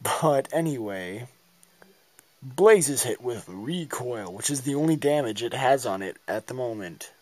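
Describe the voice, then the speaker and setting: A man's voice: medium pitch, expressive, a little slow, a little mellow, dry recording. Goofy man rambling through a game battle. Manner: goofy, rambling, acts out his own reactions. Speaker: gamer narrating a battle.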